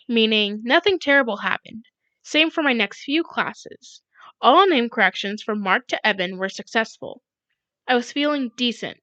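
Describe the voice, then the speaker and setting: A woman reading a novel aloud in first person, with unhurried narration in a dull lo-fi recording. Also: on the high side, bright, forceful tone, dry recording. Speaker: audiobook reader.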